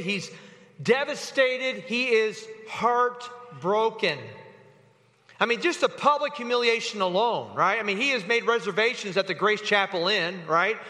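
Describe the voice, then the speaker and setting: High, bright-voiced male preacher in a hall. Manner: animated storytelling, acts out voices of people in the story. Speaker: pastor. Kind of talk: sermon. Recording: long hall reverb.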